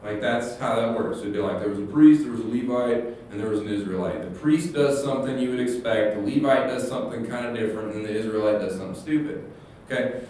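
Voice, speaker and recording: A man preaches in a loose, conversational way, restarting his sentences and acting out quick asides. He sounds set back from the microphone in a strongly echoing church hall, with a faint hum underneath. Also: medium pitch. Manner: rambling, animated storytelling with many restarts and quoted asides. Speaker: pastor. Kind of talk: casual sermon. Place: church sanctuary. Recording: echoey hall, distant mic, faint hum.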